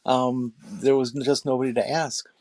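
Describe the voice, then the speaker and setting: A man's voice: medium pitch, flat delivery, moderate pace, a loud crowd. Man, casual chat, hesitant, lots of fillers.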